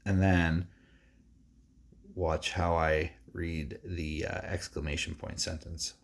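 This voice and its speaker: Man, low voice, teacher, casual lesson for kids, lots of fillers, expressive read-aloud. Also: takes it slowly. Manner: relaxed, chatty, with frequent fillers; reads aloud with exaggerated expression. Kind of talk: recorded lesson for young students.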